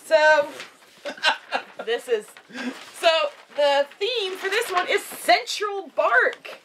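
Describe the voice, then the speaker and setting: A woman vlogging a casual unboxing at home, chatty and excitable, cooing at her dogs. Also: very high voice, drawn-out words, a little hiss or hum.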